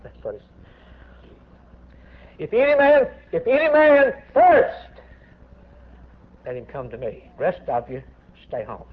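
A man preaching a sermon with impassioned swings between hushed words and rising emphasis. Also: medium pitch, slightly rough. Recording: tinny phone-like recording.

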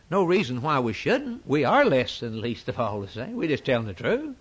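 A man's voice: mid-range voice, huge pitch swings, fairly quick, few pauses, breathy edge. Emphatic folksy preacher, a man. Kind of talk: sermon.

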